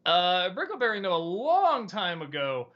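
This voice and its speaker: A man's voice: sits high, moderate pace, dull audio. A man hosting a weekly question-and-answer stream, chatting casually and rambling through viewer questions with frequent laughs. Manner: relaxed, rambling, laughs often.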